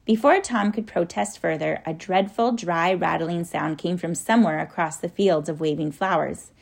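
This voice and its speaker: A woman reading a children's story aloud in a lively way. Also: lowish voice, normal speed, gravelly, few pauses. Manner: lively, acts out the characters.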